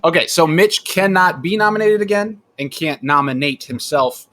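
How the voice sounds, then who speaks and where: A man with a slightly high voice runs the game as storyteller over a voice call. He announces nominations and vote counts in a brisk, procedural way, talking into a computer mic. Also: animated, fairly bright tone. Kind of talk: running a live-streamed game over voice chat.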